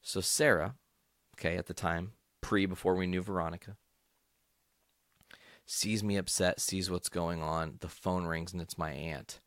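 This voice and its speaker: Deep-voiced man telling a raw story. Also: steady tone, a little slow, long pauses, a bit bright, dry recording, clean studio sound. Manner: angry, profane, emphatic rants. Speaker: podcast host. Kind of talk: personal storytelling monologue.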